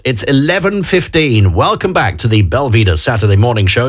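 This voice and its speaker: A man hosting a morning radio show in a studio, chatty and playful, with filler ums and uhs. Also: medium pitch. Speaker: radio host. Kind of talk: casual radio presenting. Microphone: studio microphone.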